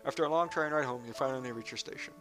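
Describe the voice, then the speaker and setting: A man's voice: mid-range voice, very fast, music in the background. A man playing a visual novel, reading the narration aloud and making crude jokes between lines. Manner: joking, crude, reacts loudly between calm narration. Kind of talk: let's play commentary and narration.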